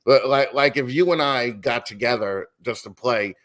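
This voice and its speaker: A man's voice: medium pitch, moderate pace, fairly bright tone. A middle-aged man, a musician guest, chatting casually and telling rambling stories with many restarts. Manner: rambling storyteller, lots of restarts and acted quotes. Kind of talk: casual podcast chat.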